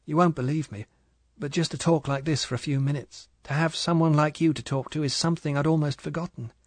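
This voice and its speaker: A man voicing a timid, lonely young wife from England, speaking softly with a strained eagerness. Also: fairly high pitch, fairly even intonation, a little fast, no echo, voice pushed up, close to an everyday voice. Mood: soft wistful.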